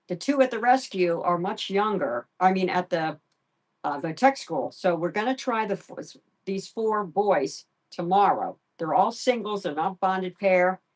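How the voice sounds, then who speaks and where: A middle-aged woman hosting a home live stream, softly sweet-talking her pet and chatting casually with viewers. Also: lowish voice. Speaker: pet livestream host.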